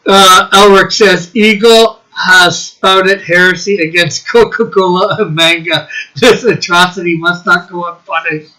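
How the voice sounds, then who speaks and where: A man with a high, bright voice hosts a loose livestream chat. He reads viewer messages aloud and keeps breaking into giggles. His delivery is easygoing and chatty. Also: steady tone, unhurried, low-quality recording. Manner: giggly, laughs often between lines. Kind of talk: casual chat.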